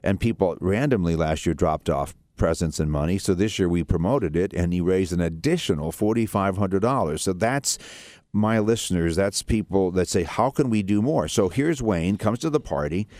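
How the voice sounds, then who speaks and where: A man with a very low voice hosts a radio talk show, rambling earnestly and restarting his sentences often. The studio sound is dry and close. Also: lively intonation, normal speed, a little mellow, no echo.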